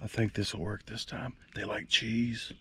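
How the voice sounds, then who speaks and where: Gravelly man vlogging on a lake. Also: on the low side, level tone, moderate pace, a bit bright, a little hiss or hum. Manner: rambling, joking, talks straight to the camera. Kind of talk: casual fishing vlog chat. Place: small boat on a lake outdoors. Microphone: action camera.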